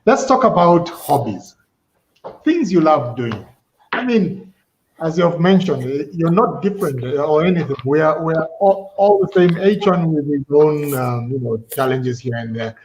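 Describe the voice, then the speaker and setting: A man's voice: fairly high pitch, expressive, normal speed. A man hosting a live online panel, speaking hesitantly with many fillers. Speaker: host. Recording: dull, lo-fi line with faint noise.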